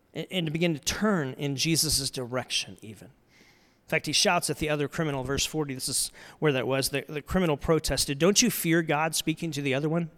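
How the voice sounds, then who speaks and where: A middle-aged male pastor preaching a sermon, telling the story earnestly, swinging from loud emphasis to soft, quiet passages. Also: fairly high pitch.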